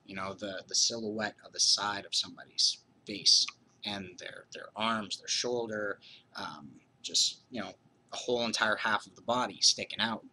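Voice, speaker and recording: Hoarse man telling a ghost story. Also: on the low side, moderate pace, bright, forceful tone, slight background noise, low-quality recording. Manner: rambling, full of "you know" and restarts. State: hoarse from being sick. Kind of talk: casual spooky storytelling.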